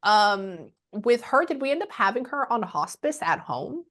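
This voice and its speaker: A woman spiritual medium giving a casual reading, chatty and halting, trailing off and swearing now and then. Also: fairly high pitch, big pitch swings, fairly bright tone.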